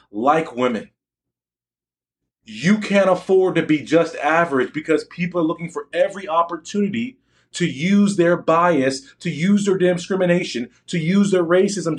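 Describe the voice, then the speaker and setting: Boastful, emphatic man giving a motivational talk. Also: a little high. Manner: boastful, emphatic, asks the audience questions. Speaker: motivational speaker addressing students.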